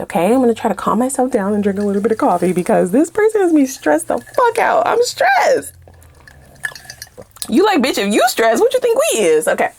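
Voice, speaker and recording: A woman tarot reader gives an animated reading, fiery and profane. Her voice swings from low mutters up to high shouts.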